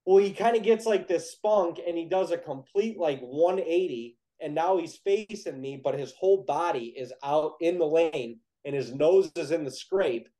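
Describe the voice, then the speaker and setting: A young man with a somewhat high-pitched voice recounts a story in a loose, chatty way. He is animated and excitable, and scatters "like" through his sentences. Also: moderate pace, few pauses, rough recording. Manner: animated, heavy use of "like", excited retelling. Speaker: podcast guest telling a hunting story. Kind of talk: casual storytelling.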